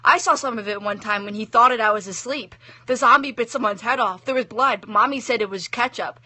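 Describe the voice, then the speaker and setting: A young woman voicing a bold, chatty little girl in a high, squeaky, blurting voice. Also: brisk, pushed and bright. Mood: curious.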